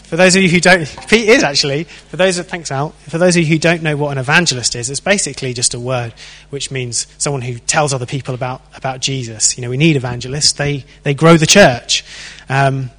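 A man's voice: medium pitch, steady tone, fairly quick, a bit bright. Man telling stories in a reverberant hall. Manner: self-deprecating, chatty storytelling. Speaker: church speaker. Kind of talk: sermon talk with personal stories.

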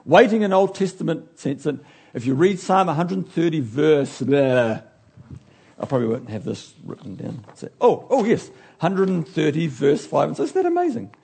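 A man preaching a sermon in an animated way, acting out the figures he talks about and now and then losing his place. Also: fairly high pitch, normal speed, creaky, slightly rough. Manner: animated, acts out biblical figures, loses his place and laughs.

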